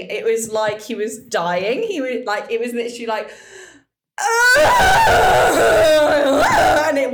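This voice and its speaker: A young woman co-hosting a frank, casual chat, laughing often and acting out quoted lines. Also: a little high. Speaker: podcast co-host.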